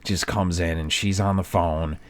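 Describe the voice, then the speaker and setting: A man, co-hosting a podcast and telling stories in a casual chat, acting out the people he quotes in loud voices and laughing often. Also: deep voice, steady tone, normal speed, slight background noise. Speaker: podcast co-host.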